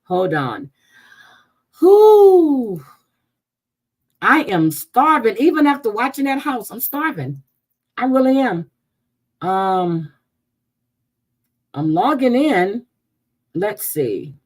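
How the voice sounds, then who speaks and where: A woman's voice: on the high side, big pitch swings, slow pace, long pauses, a little mellow, low-quality recording. A woman hosting a live stream, chatting casually, thanking viewers by name and talking to herself as she clicks through pages. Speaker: livestream host reading chat.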